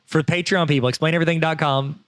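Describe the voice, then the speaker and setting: Excitable man, dry close sound. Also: fairly high pitch, clear, resonant tone, no echo. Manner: excitable, fast-talking, jokey. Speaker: podcast co-host. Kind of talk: casual comedic chat.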